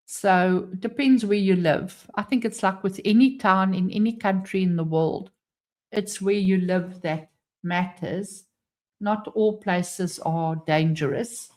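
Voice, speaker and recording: Medium-pitched, unhurried, and a little dark in tone, a South African woman hosts a casual live stream at home while her front door is open. She keeps up friendly chatter, laughs often, and reads the chat out loud.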